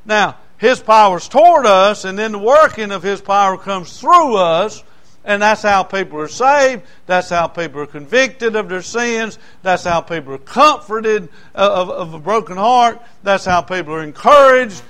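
A man preaching a sermon, telling folksy stories and swinging between loud declarations and hushed asides. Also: sits high, expressive, moderate pace, clear, resonant tone.

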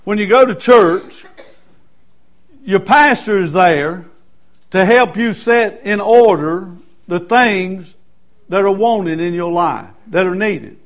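A man's voice: high-pitched, slow pace. A middle-aged man preaching a Baptist sermon with emphatic repetition. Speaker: Baptist pastor.

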